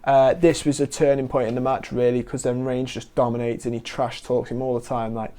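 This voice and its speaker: A man giving a casual, animated wrestling review as host, quoting wrestlers in quick asides. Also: medium pitch.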